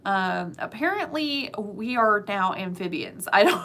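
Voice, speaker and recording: A chatty woman talks casually to the camera in a bright, forceful voice. She is animated and quick to laugh, with plenty of fillers between thoughts, and her pitch sits in a middle range for a woman. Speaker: realtor. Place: lives in Florida.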